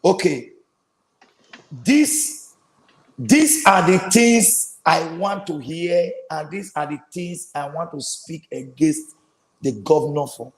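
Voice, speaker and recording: A man's voice: fairly high pitch, expressive, takes it slowly. Emphatic Nigerian man in an echoey room. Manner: emphatic, repeats phrases for stress. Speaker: host of a political livestream. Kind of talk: live commentary.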